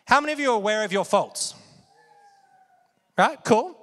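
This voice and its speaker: A man's voice: high voice, lively intonation, moderate pace, a bit bright. A man preaching a sermon in a conversational way, often asking his listeners questions and getting them to repeat words. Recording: long hall reverb.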